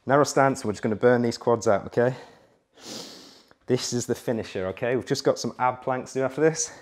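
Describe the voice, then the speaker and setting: A young male fitness coach leads a beginner workout, counting reps and urging listeners on while out of breath. His medium-pitched voice runs a little fast in this guided workout instruction.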